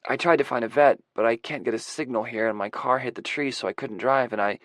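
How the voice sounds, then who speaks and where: A man's voice: mid-range voice, fast talker, fairly bright tone, no room sound, lightly acted. A male narrator voicing a frightened young man who rambles and swears in his dialogue. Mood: anxious. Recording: dry close audiobook recording.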